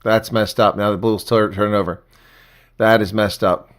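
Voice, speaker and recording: A man giving casual live reaction commentary on a rugby match, chatty and thanking viewers, getting excited on big plays. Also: lowish voice, moderate pace.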